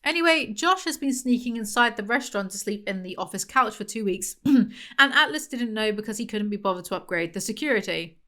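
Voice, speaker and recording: A woman's voice: medium pitch, lively intonation, fairly quick, fairly bright tone. Dry, mocking woman reviewer. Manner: dry, mocking, frequent laughs. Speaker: book reviewer. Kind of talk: sarcastic book review commentary.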